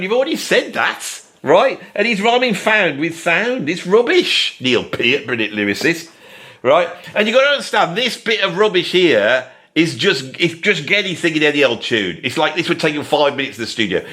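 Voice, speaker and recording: Sarcastic man with a lively voice. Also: on the high side, moderate pace. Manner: sarcastic, exasperated. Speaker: musician and video host. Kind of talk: ranting music commentary.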